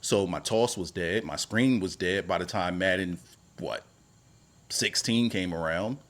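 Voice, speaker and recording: A man, a wrestling YouTuber, giving casual opinion commentary in a rambling, animated way that repeats itself. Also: deep voice, measured pace. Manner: rambling, animated, repeats himself, voice jumps up when worked up.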